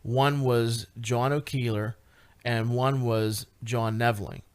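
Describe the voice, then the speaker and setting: Radio guest, a man telling a ghost-hunt story, animated and halting, average pitch. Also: clear, resonant tone. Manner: animated, lots of fillers and restarts, rising excitement. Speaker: paranormal investigator guest. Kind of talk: casual radio interview storytelling.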